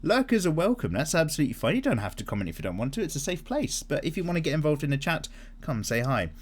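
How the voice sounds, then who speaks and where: A man hosting a casual art vlog, chatting and answering viewer comments in an animated way, swearing freely as he goes. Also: fairly high pitch, fast. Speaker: art channel host.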